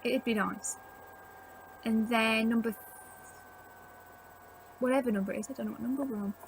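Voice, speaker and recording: A woman's voice: a little high, fairly even intonation, normal speed, gravelly, a little hiss or hum, low-quality recording. A young woman chatting casually to camera at home, rambling with lots of "like" as she gives tips. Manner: rambling, chatty, filler-heavy with frequent "like". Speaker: vlogger. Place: at home indoors.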